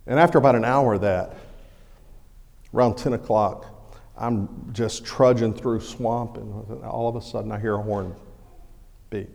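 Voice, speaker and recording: Middle-aged male pastor, folksy and animated, gravelly tone, long church reverb. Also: on the low side, a little slow, long pauses. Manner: folksy, animated storytelling with acted shouts. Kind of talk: sermon storytelling. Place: church sanctuary.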